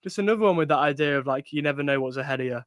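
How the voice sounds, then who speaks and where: A man's voice: on the high side, rapid-fire, fairly bright tone, dry recording, clean studio sound. A young man co-hosting a podcast, talking in a supportive, conversational way. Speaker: podcast co-host. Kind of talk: casual chat.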